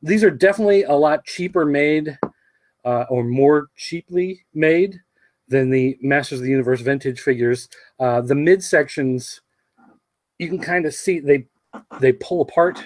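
Rambling man, slightly high voice. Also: unhurried, no room sound. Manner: rambling, filler-heavy. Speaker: podcast producer. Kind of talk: casual podcast chat.

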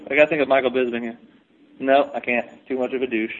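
A man hosting a casual sports podcast, chatty and quick, laughing often. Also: medium pitch, fairly even intonation, narrow, tinny audio, a little hiss or hum. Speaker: podcast host.

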